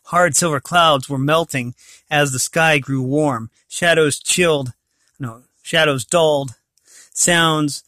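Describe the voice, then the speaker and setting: A man's voice: fairly high pitch, bright, forceful tone, no room sound. A man reading a storybook aloud, often stumbling and correcting himself mid-sentence. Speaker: reader of a novel.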